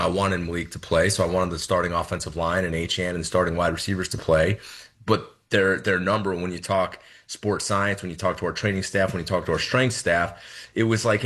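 A man's voice: low-pitched, a bit bright. A man in his thirties, a head football coach, explaining his choices in a radio interview and repeating words as he thinks.

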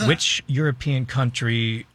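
Husky laid-back co-host. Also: male voice, mid-range voice, fairly even intonation, drawn-out words, fairly bright tone. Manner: asks questions, laid-back banter. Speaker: radio show co-host. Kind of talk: casual chat.

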